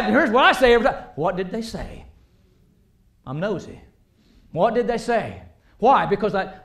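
A man preaching a sermon, animated, swinging between loud emphasis and quiet asides. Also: sits high, echoey room.

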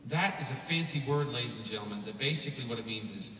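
A man in his thirties gives a rambling, joking keynote full of fillers, his voice bright and forceful. He is picked up from a distance in a big conference hall with a long, roomy echo. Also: medium pitch, expressive, fast talker, a little hiss or hum. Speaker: musician giving a keynote. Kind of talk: humorous conference talk. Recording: echoey hall, from far off.

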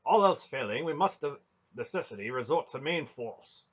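A man's voice: medium pitch, expressive, moderate pace, a bit bright, breathy edge, voice pushed up. A man voicing an earnest male knight who speaks stiffly and formally, on a dull lo-fi recording.

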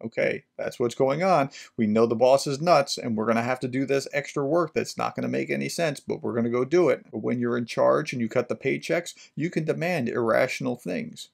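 Man, professor, podcast commentary, gravelly voice, casual asides. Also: medium pitch, a little fast, few pauses. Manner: conversational, explanatory asides with fillers. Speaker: management professor and podcast host. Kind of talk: reading a children's book with commentary.

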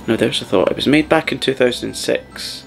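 A man hosting a soft-spoken ASMR chat, rambling and partly whispering as he talks. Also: mid-range voice, fairly quick, gravelly, faint music behind. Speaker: ASMR channel host.

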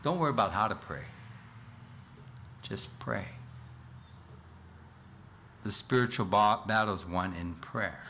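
Man, pastor, sermon, low voice, slow delivery, earnest, rhetorical questions. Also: pushed and bright, slight background noise. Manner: earnest, rises to emphatic scripture reading, rhetorical questions. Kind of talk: expository sermon. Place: church.

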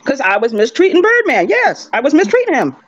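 A woman's voice: high-pitched, huge pitch swings, fairly quick. A woman guest in an interview clip, telling her personal stories bluntly and candidly. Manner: blunt, candid, laughs at herself. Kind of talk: candid storytelling. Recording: dull lo-fi clip audio.

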